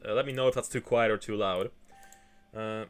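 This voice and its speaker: A man's voice: lowish voice, fairly even intonation, fairly quick, smooth, soft background music. A male game streamer chatting casually at home, rambling with lots of fillers and restarts. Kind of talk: casual chat while gaming.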